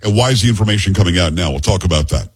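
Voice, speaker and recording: Male podcast host, middle-aged, husky voice, loose and jokey delivery. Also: low voice, expressive, very fast. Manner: rambling, joking asides, teasing his co-host. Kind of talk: casual talk-show chat.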